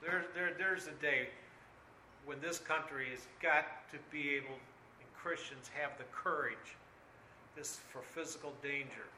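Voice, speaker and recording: An older man preaching a sermon earnestly, dropping low and quiet, then rising loud and urgent. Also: a little slow, roomy sound, slight background noise, poor audio.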